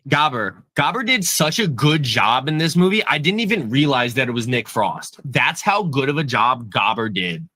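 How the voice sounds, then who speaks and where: A man co-hosting a podcast, chatting casually about a movie in a hyped, animated way and often repeating himself. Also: medium pitch, moderate pace, hardly any pauses, dry recording. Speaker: podcast co-host. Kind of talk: casual movie review chat.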